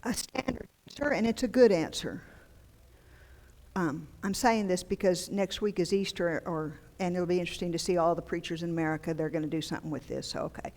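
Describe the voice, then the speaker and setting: An older woman preaching a conversational, humorous sermon into a handheld microphone, turning animated and then dropping to near-whispers for emphasis. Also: on the low side, fairly quick. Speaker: guest preacher. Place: church sanctuary. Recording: long church-hall reverb.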